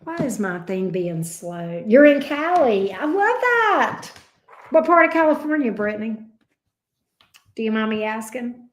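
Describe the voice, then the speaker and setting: A woman's voice: a little high, lively intonation, normal speed. Chatty Southern woman on a livestream. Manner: chatty, uses endearments like babes and love bug. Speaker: tarot reader livestream host. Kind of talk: casual livestream chat with viewers. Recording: echoey room sound.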